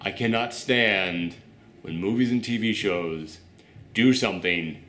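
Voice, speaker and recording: A man's voice: on the low side, unhurried, fairly bright tone, reverberant. A man hosting a casual review chat, ranting in an exasperated way. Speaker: host.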